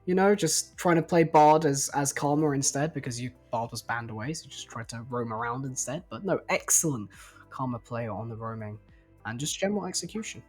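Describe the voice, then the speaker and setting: An upbeat, chatty esports co-caster analysing picks and asking post-game questions. The voice sits in an even middle range. Faint music runs under the broadcast. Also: medium pitch, fairly quick, breathy edge. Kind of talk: esports commentary.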